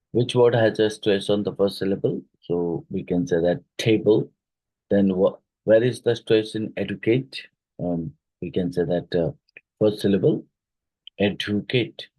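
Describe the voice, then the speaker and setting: Low, husky Indian English teacher. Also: male voice, dark tone, no echo, rough recording. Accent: Odia-influenced Indian English. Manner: explains slowly, spells words letter by letter, many fillers. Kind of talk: exam-prep phonetics lecture.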